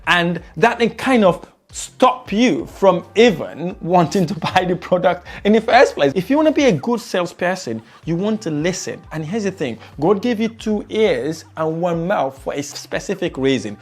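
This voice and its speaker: A man teaching sales techniques as a trainer, shifting his pace and loudness to stress points and repeating words for emphasis. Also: high voice, animated, moderate pace, few pauses. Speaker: sales trainer and property investor. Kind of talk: motivational sales lesson.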